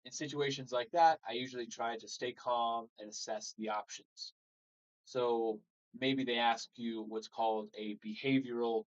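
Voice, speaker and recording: A man gives a live English lesson in a relaxed, explaining way, stringing points together with "so" and "all right." His voice sits in a middle register. The audio is a little dull and lo-fi. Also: mid-range voice. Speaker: English teacher.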